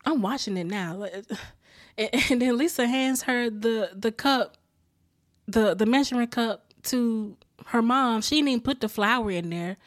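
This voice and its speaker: A woman's voice: fairly high pitch, a little slow, no room sound, studio quality. A woman recapping a TV episode in a casual, heated rant full of profanity. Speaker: TV episode reviewer.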